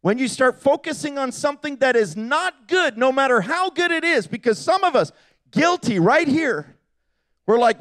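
A man preaching a sermon with passion, swinging from loud appeals to hushed, quiet asides. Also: extremely high pitch, expressive, normal speed, no echo.

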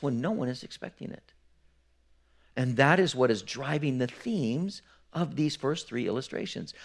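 Male pastor preaching with "right?" checks. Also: mid-range voice. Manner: explanatory, frequent "right?" checks, repeats words when restarting. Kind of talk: sermon.

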